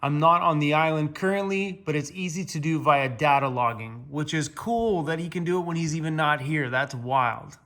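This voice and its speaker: A man's voice: a little high, moderate pace, few pauses, pushed and bright. A young adult man from Canada chatting casually to camera in an upbeat vlog, laughing often. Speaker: van life vlogger.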